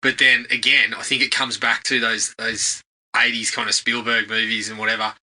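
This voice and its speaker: A man's voice: medium pitch, level tone, moderate pace, bright, forceful tone. A man, co-hosting a casual film review podcast and laughing as he retells scenes. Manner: laughs often while quoting scenes in put-on voices. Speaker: podcast co-host.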